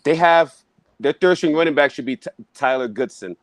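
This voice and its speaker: A man's voice: on the high side, lively intonation, moderate pace. A man arguing football picks on a casual panel, emphatic and brash, swearing for emphasis.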